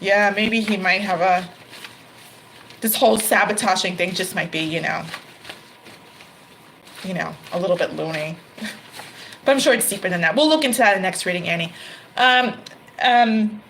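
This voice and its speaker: A woman's voice: medium pitch, normal speed, long pauses, a bit bright, slight background noise, rough recording. A woman hosting a live-stream tarot reading, talking casually to viewers by name and laughing often.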